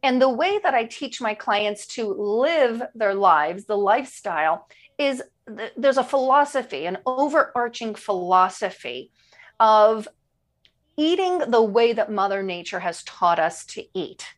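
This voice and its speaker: A woman with a slightly raised pitch talks as a nutrition coach on a podcast. She is enthusiastic and emphatic, driving her key phrases home by repeating them. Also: expressive, a little slow. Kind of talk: podcast interview.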